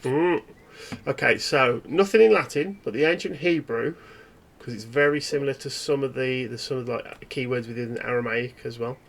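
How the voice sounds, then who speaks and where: A man's voice: mid-range voice, normal speed. Laid-back male game master. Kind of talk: narrating a tabletop horror game.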